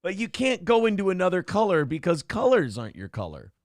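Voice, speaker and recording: A man's voice: sits high, wildly swooping pitch, a little fast, dry recording, studio quality. A man hosting a casual morning chat show, telling stories with lots of swearing and laughter. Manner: profane, storytelling, laughs often. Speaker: host.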